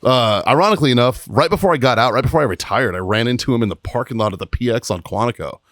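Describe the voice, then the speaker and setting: A man's voice: mid-range voice, fairly bright tone, dry recording, studio quality. A man in his forties, a retired Marine, telling profane stories in a casual podcast chat. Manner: profane, quick storytelling.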